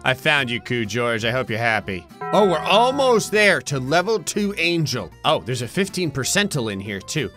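A man giving comedic gameplay commentary, making wry jokes with sudden high-pitched outbursts. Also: sing-song, normal speed, few pauses, music in the background. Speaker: gaming channel host.

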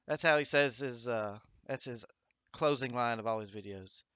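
A man's voice: medium pitch, a little fast, sharp tone, no room sound. A man hosting a gaming livestream at home, chatting upbeat and encouraging while reading viewer comments aloud. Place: home streaming setup with green screen.

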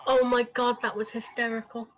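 High-voiced teenage woman streamer, giggly. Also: flat delivery, fairly quick, noisy background. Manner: laughs often, swears casually. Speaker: livestreamer. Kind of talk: casual gaming chat.

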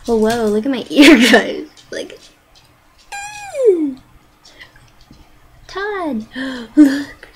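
A woman's voice: sits high, animated, drawn-out words, pauses often, low-quality recording. A young woman rambling playfully into her webcam at home and cooing at her pets. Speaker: vlogger. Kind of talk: casual webcam chatter.

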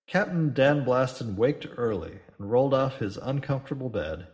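A man reading a classic adventure story aloud as audiobook narrator, in a measured storytelling manner. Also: mid-range voice, animated, darkish tone.

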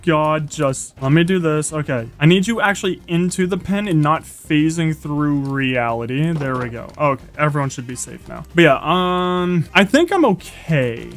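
A young man giving casual, excitable commentary while playing a video game, chatting to the animals as he goes. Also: a little high. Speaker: gaming YouTuber.

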